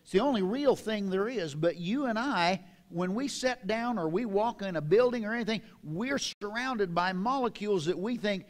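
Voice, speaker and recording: An older man preaching a sermon in a church, reading scripture with slow, dramatic emphasis. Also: high voice, animated. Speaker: pastor. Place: church sanctuary.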